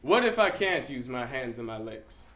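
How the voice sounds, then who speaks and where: A young man playing a middle-aged pastor with ALS, shifting between wry humor and quiet gravity, performed on a stage in an echoey hall. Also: medium pitch, very animated, moderate pace, pitched below the performer's own voice. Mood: somber. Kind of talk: dramatic interpretation performance.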